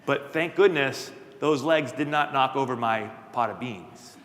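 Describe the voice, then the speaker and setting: A man's voice: medium pitch, unhurried, a bit bright, natural voice. A man telling of an easygoing young traveller. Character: easygoing traveller Jack with beans. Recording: long church reverb.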